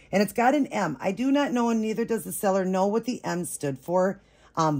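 A husky, somewhat low-voiced woman gushes over an unboxing for her viewers, stretching her exclamations and stacking one after another. She talks in a casual, excited chat style. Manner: gushing, repeats oh my gosh, drawn-out exclamations. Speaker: reborn doll vlogger.

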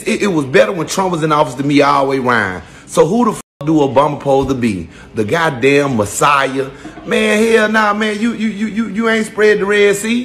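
A man's voice: sits high, fairly bright tone. Profane, heated man ranting. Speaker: clip commenter. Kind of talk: angry rant.

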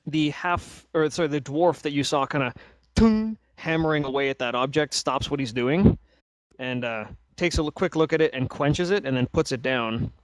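A man narrating a tabletop role-playing game as game master, relaxed and loose, with many "uh" fillers. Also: a little high, normal speed, no echo, poor audio.

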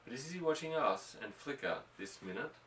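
A man voicing an anxious ranch wife and mother, speaking softly and with worry. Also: mid-range voice, expressive, normal speed, close to an everyday voice. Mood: uneasy. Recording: roomy, distant mic.

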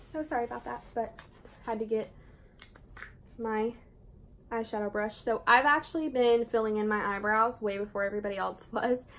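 A woman's voice: fairly high pitch, steady tone, normal speed, pauses often, a bit bright. A young woman with a Southern US accent chats her way through a makeup routine at home. She rambles from one thing to the next in a loose, easygoing way, breaking off into little asides. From Southern Indiana, USA. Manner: chatty, rambling, frequent laughs and asides. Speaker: beauty vlogger. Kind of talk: casual chat while doing makeup. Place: indoors at home, doing makeup.

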